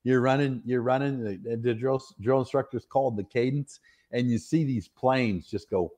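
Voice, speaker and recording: A man's voice: medium pitch, normal speed, dark tone. A middle-aged American man, a retired soldier, telling stories as a podcast guest in an earnest, rambling way with frequent laughs. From United States. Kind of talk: casual interview storytelling.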